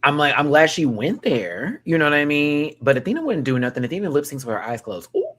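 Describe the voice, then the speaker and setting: A young man hosting a live review chat, sassy and animated, laughing and then dropping to quiet asides. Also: on the high side, brisk, husky. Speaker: host reviewing a reality show live.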